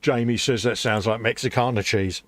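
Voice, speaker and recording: A man's voice: mid-range voice, steady tone, moderate pace, a bit bright, no echo. A laid-back British man co-hosting a live painting stream, mostly giving short replies and laughing along. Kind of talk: casual chat while painting.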